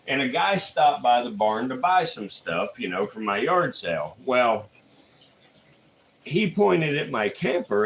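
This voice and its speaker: A man's voice: medium pitch, a bit bright. A man casually telling rambling, profanity-laced stories on a livestream, laughing often between lines. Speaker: livestream host. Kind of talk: casual storytelling. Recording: echoey room with faint ambient noise.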